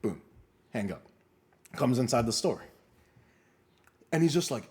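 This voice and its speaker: A young man co-hosting a casual podcast, telling animated stories, swearing often and acting out what people said. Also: on the low side, brisk, long pauses. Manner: animated storyteller, swears a lot, acts out quotes. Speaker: podcast co-host. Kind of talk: casual storytelling chat.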